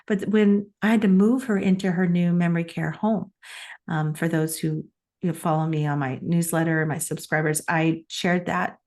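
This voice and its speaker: A middle-aged woman with a slightly low voice tells a personal story in an earnest, reflective way. She co-hosts a conversational podcast and often laughs between emotional moments. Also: steady tone, moderate pace, a little mellow. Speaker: podcast co-host.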